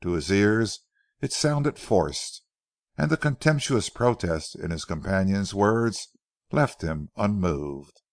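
A man reading a novel aloud as narrator, in a measured, deliberate way. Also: lowish voice, lively intonation, no room sound, clean studio sound. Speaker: audiobook narrator.

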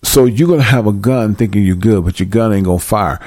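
A man preaching and reading scripture slowly and deliberately, breaking into mocking asides. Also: on the low side, darkish tone, no room sound.

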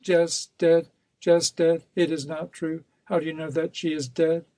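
A man's voice: a little high, level tone, unhurried, warm tone, no room sound. Male narrator as a distraught young heroine in a storybook, pleading; dry close sound. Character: desperate young woman begging for her uncle.

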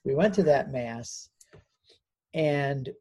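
A man's voice: mid-range voice, slow pace, darkish tone, breathy edge. An older American man, a guest on an interview, earnestly telling his conversion story and getting choked up at times. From United States. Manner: earnest storyteller, gets choked up, voices quoted people.

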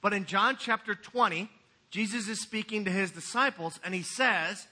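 A man's voice: high voice, normal speed, bright, forceful tone. A man pastor giving a sermon in a conversational, joking way.

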